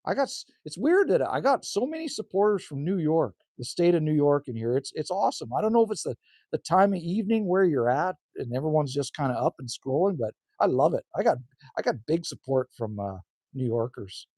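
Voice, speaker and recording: A man's voice: fairly high pitch, sing-song, fairly quick, dark tone, no echo, studio quality. Chatty man live-streaming from outdoors. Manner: chatty, reads viewer comments aloud and answers them; laid-back, rambling with self-corrections. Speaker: live streamer reading chat. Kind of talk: casual live-stream chat. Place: outdoors by a cabin in the cold.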